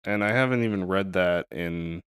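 A man who writes scripts, chatting casually on a podcast, halting and swearing. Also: deep voice, a bit bright, smooth. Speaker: screenwriter, podcast co-host. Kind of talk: casual chat.

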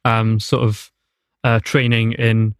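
A man hosting a casual interview, asking questions haltingly with fillers. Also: on the low side, little pitch movement, clean tone, dry recording, clean studio sound. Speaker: host.

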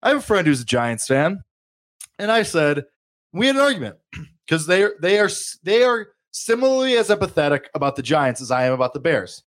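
A man with a slightly high voice hosts a casual sports podcast. He talks in an animated, self-mocking way and drifts into rants. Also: fairly quick. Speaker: podcast host.

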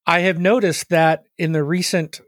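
A man's voice: a little high, fairly even intonation, moderate pace, no room sound, clean studio sound. A man co-hosting a casual gaming podcast, chatty and teasing, laughing often as he talks. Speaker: podcast co-host.

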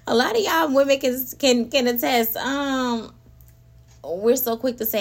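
A woman hosting a casual spiritual talk, animated and laughing often as she speaks straight to her listeners. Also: on the high side, moderate pace. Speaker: podcast host.

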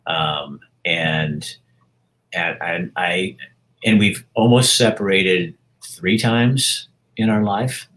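A man in his sixties being interviewed, talking frankly and reflectively about his life, with halting restarts. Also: low voice, a bit bright, rough recording. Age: 60s. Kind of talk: candid personal interview.

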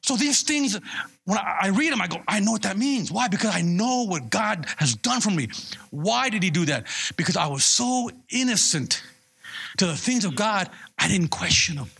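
A man's voice: sits high, normal speed, gravelly, breathy edge. A man preaching a sermon, telling his own conversion story with lots of acted-out dialogue, often repeating and restarting words. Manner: animated storytelling, acts out quoted dialogue. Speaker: pastor. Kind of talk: sermon with personal testimony.

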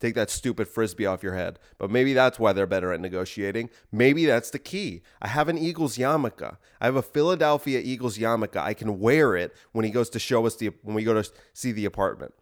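A man's voice: mid-range voice, a little fast, hardly any pauses. A man hosting a podcast, delivering a rambling, self-deprecating comic monologue. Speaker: podcast host.

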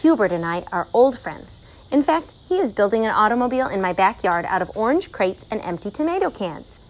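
A woman voicing a kindly, wise older woman who knows about children, in a storybook reading, warm and unhurried. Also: mid-range voice, sing-song, slight background noise, poor audio.

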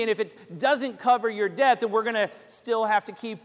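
In a large church hall full of long reverb, a pastor with a very high, fairly bright voice delivers a sermon to his congregation at normal speed, barely pausing. He tells the parable like a story and repeatedly puts questions to those listening.

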